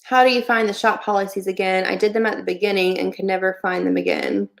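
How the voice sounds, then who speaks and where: A young woman hosts a casual livestream Q&A. She talks in a friendly, loose way at a medium pitch, and her sentences are full of "um" and "like". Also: flat delivery, quick pace, gravelly. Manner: chatty, friendly, many fillers like "um" and "like". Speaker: livestream host giving online shop advice.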